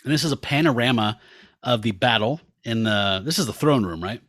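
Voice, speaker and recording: A man's voice: medium pitch, animated, a little fast, fairly bright tone, no room sound, clean studio sound. A man co-hosting a casual comic-book podcast, walking through the panels aloud with chatty asides. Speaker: podcast co-host.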